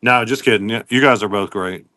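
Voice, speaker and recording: A man's voice: fairly low pitch, brisk, pushed and bright, no echo, studio quality. Chatty man hosting a live sale. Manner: chatty, rambling, greets viewers by name. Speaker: live-stream pin seller. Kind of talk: casual live-stream selling chat.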